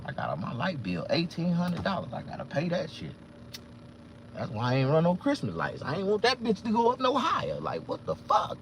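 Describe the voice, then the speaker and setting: Profane male vlogger, very lively pitch, loud-to-mutter swings, in a car with faint road hum. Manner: animated, profane, swings between loud outbursts and low muttering. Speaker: vlogger and barber. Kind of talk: casual live-stream rant.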